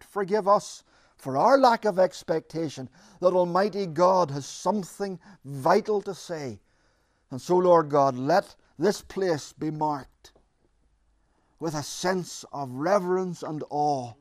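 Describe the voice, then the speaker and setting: Slow-speaking earnest male preacher. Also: high-pitched, no echo, clean studio sound. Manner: slow, earnest, emphatic pleading prayer. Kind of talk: sermon and congregational prayer.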